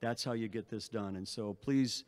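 A man's voice: lowish voice, moderate pace. A middle-aged man, an athletic director, speaking at a press conference, giving long thank-yous with frequent restarts and fillers.

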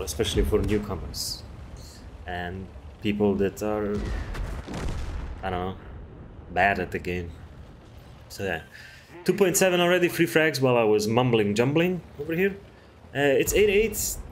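A man's voice: lowish voice, slight background noise. A man casually commenting on a game replay, rambling and chatty, swearing freely. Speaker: gameplay commentator.

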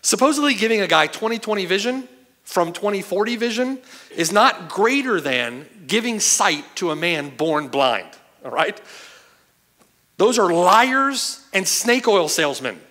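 A man delivers a sermon from the pulpit in a high, bright voice that leaps and falls with emphasis. He drives home each point and checks with his listeners as he goes. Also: sing-song, unhurried. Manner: emphatic, asks the hearers "right?" and "okay?" often. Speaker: pastor. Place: church sanctuary.

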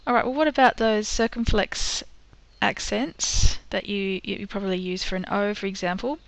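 A woman patiently walks through a screen-recorded software tutorial step by step, saying "um" frequently. Her mid-range voice has vocal fry and moves at a normal speed, with no echo.

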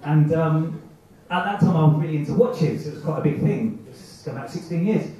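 A male stand-up comic rambles through a self-mocking open mic set, drifting into the voices in his head. He has a mellow, slightly raised voice. The recording is muffled, heard from far off in a very echoey club. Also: a little high, brisk. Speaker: stand-up comedian.

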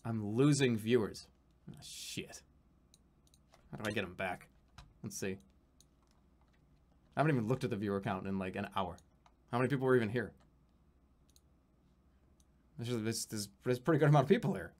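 A man's voice: fairly low pitch, brisk, pauses often, darkish tone. A man from the United States streaming live, chatting casually in a rambling, profane, joking way with many restarts.

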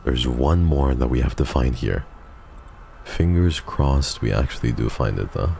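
A man's voice: rumbling low, measured pace, creaky, mellow, slight background noise. A man streaming a game live, chatting casually with his viewers, swearing and joking.

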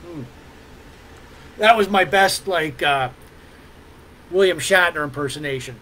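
A man's voice: on the high side, a little slow, pauses often, bright, forceful tone, slight background noise, low-quality recording. A man hosting a livestream in casual chat, rambling with many fillers and restarts. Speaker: livestream host.

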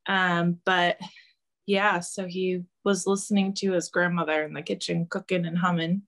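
A woman working as a medium, relaying a spirit's answers in a hesitant interview with many pauses and ums. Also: lowish voice, little pitch movement, fairly bright tone. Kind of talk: channeling interview, relaying quotes.

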